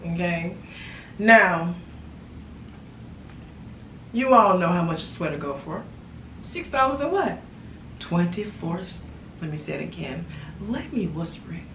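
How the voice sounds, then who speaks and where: A woman chatting in a casual haul vlog, animated and repeating phrases for emphasis. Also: fairly low pitch. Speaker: lifestyle vlogger. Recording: echoey room, far from mic, background noise.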